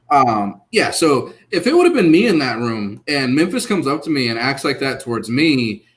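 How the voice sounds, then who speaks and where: Guy cohosting a reality tv recap over a call, gets worked up, acts out quotes. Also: medium pitch. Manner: animated, acts out quotes, laughs. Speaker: podcast co-host. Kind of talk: casual recap chat. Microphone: online call.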